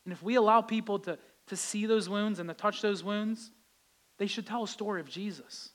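High-voiced male pastor preaching. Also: fairly even intonation, normal speed, a bit bright. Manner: conversational preaching, voice rising with emphasis. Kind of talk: sermon.

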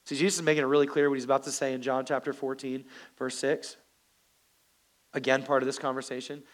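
A male pastor preaching a sermon, animated and joking with the congregation. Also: mid-range voice, fast.

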